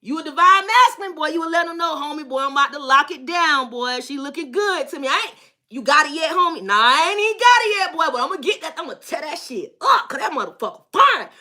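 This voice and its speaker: A woman's voice: sits high, expressive, fast, sharp tone. A woman voicing a smitten young man who brags to his friend on the phone in heavy slang. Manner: boastful, slangy, drawling.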